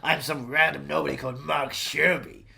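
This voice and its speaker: A man doing a comic impression of a brash, boastful aging male movie star, with gravelly, shouty bravado. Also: fairly high pitch, flat delivery, normal speed, voice pushed down, full character voice. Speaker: podcast co-host. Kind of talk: comedic improvised impression.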